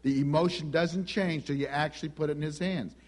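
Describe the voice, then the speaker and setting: A man preaching a sermon, telling a personal story in a conversational, animated way and acting out the dialogue. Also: fairly high pitch, brisk.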